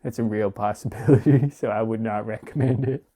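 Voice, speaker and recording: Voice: mid-range voice, fairly even intonation, brisk, mellow. A livestream host in casual chat, goofy and laughing often, hesitating with many fillers, on a phone mic.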